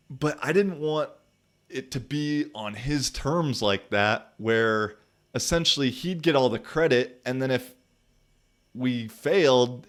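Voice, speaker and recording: A young man hosting a podcast and telling a story in a loose, profane, rambling way with lots of fillers. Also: mid-range voice. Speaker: podcast host and football player.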